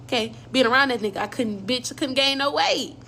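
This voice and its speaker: A woman's voice: sits high, brisk, vocal fry, bright, forceful tone, slight background noise. A young woman casually telling a personal story in slang, acting out quoted dialogue as she goes. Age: young adult.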